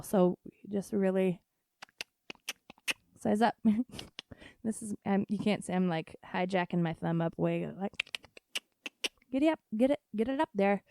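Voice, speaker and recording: A woman's voice: fairly low pitch, gravelly, a little mellow, smooth, no room sound. A woman hosting a casual solo podcast, talking frankly and swearing freely, often laughing. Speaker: podcast host.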